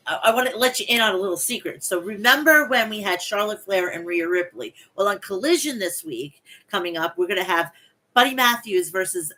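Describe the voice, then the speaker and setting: A woman hosting a wrestling recap podcast, recapping matches and breaking into profane, animated rants. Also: medium pitch. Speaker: podcast host.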